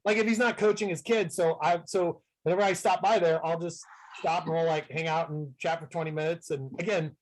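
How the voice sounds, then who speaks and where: A man's voice: a little high, fairly even intonation, fairly quick, low-quality recording. A man chatting casually as a guest on a video call, rambling and self-deprecating with upbeat energy. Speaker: guest entertainer.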